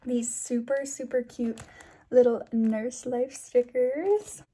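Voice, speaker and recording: A young woman vlogger chatting to camera, gushing with excitement and thanks as she opens gifts. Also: fairly high pitch, slow pace, husky. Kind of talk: casual chat to camera.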